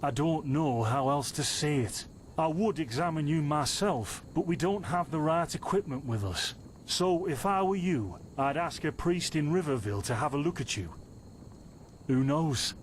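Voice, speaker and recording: A man's voice: a little high, normal speed, slight background noise, lightly acted. An actor playing a friendly, dryly amused male apothecary in a video game. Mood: genial. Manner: genial, dryly amused, lively. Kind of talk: game voice acting.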